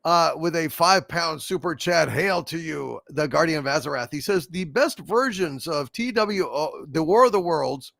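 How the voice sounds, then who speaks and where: A man's voice: fairly high pitch, expressive, normal speed, vocal fry, few pauses, a bit bright, dry recording, clean studio sound. A man hosting a casual livestream, reading out viewer super chats and reacting in a blunt, profane, joking way. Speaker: host.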